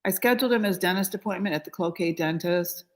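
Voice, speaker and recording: A fast-talking middle-aged woman, a spiritual healer, tells a heartfelt story about herself in a chatty way full of fillers. She acts out quotations with rising pitch and volume.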